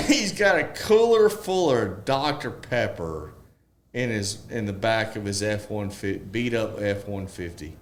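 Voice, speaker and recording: A man in his forties in casual podcast chat, telling a folksy story and acting out the dialogue with animated pitch jumps. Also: measured pace. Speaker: podcast guest, construction expert.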